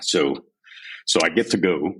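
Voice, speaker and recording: A man's voice: low-pitched, unhurried, fairly bright tone, slight background noise, low-quality recording. A man in his forties from San Antonio, Texas, telling his life story frankly as a podcast guest. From San Antonio, Texas, USA. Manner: frank, unguarded, retells scenes in quoted voices. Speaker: podcast guest, army veteran. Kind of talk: candid storytelling interview.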